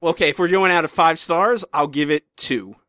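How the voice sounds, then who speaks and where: A man's voice: fairly high pitch, moderate pace, pushed and bright, no room sound, clean studio sound. A man co-hosting a podcast, chatting casually and teasingly about comics, often trailing off and restarting his sentences. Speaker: podcast co-host. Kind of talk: casual chat reviewing comics.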